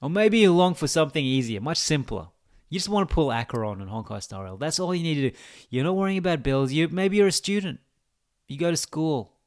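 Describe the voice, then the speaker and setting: A man's voice: on the high side, expressive, fairly quick, a little mellow. A man with an Australian accent, a gaming video creator giving a rambling, mock-philosophical monologue that teases the viewer.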